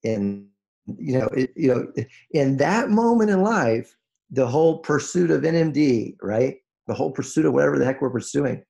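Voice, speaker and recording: Man, gravelly tone, emotional motivational speaker on a video call, earnest, restarts a lot. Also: mid-range voice, darkish tone. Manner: earnest, emotional, many restarts, voice rises when moved. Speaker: guest speaker on a group call. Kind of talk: heartfelt motivational talk.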